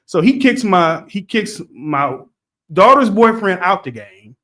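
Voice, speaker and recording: A middle-aged man with a high voice tells a story on a podcast. He talks casually and with animation, repeating phrases and getting loud as he relives the moment. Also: a little slow. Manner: animated, repetitive, gets loud retelling. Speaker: podcast co-host.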